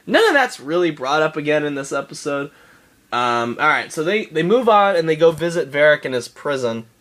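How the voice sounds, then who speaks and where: A man's voice: a little high, lively intonation, moderate pace, fairly bright tone. A man giving a casual episode recap, rambling and swearing, often laughing. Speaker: show reviewer.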